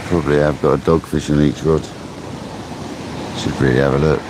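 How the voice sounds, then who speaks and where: A man's voice: rumbling low, flat delivery, normal speed. A man fishing on a live stream, chatting casually with viewers in a laid-back way, laughing often and calling people mate. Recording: outdoor mic with loud surf noise. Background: ocean waves.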